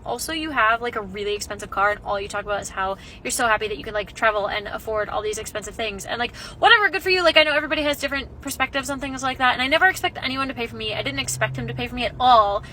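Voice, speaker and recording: A young woman telling a story about a bad date in a casual, animated and exasperated way. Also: a little high, very fast, hardly any pauses, slight background noise, rough recording.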